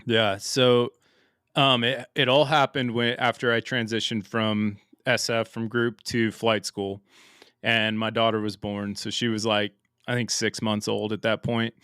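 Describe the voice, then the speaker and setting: A man's voice: lowish voice, level tone, measured pace, fairly bright tone, smooth, no room sound, clean studio sound. A man in his thirties talking candidly as a podcast guest, casual and swearing freely. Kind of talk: casual interview chat.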